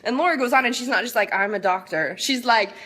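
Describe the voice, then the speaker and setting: A woman's voice: fairly high pitch, expressive, fast, bright, forceful tone. A middle-aged woman hosting a casual coaching chat, bubbly and upbeat, laughing often. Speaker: life coach and show host.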